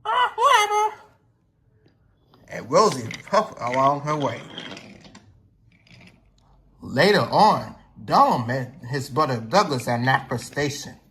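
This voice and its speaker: A man's voice: mid-range voice, lively intonation, takes it slowly, long pauses, a bit bright, slight background noise. A man narrating a toy train story in a plain, rambling way with slips.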